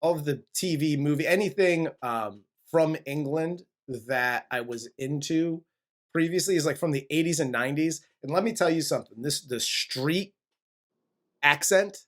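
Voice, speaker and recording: A man's voice: on the high side, normal speed, a bit bright. A man hosting a movie review podcast in a laid-back, joking casual chat. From United States. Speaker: podcast host.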